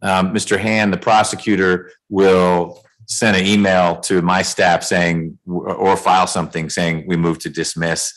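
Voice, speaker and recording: A man presiding as judge over a remote court calendar hearing, speaking in a measured way with dry jokes, over a video call. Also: sits low, little pitch movement, rough recording.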